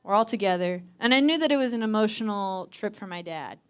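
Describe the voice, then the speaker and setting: A woman's voice: mid-range voice, lively intonation, a little fast, smooth. A young woman performing wry, self-deprecating stand-up storytelling on a university stage. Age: young adult. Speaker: student performer.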